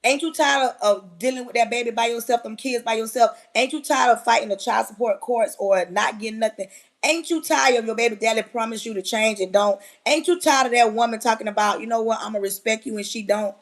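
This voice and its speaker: A woman giving a fervent, preachy motivational talk on a live stream, hammering repeated phrases and often yelling. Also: fairly high pitch, fairly quick.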